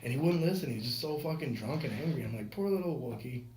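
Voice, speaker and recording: A man's voice: mid-range voice, fast talker. A man hosting a podcast, telling a story casually with lots of swearing and acting out the voices of the people in it. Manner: profane, animated, acts out quoted voices. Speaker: podcast host. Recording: echoey room with faint noise.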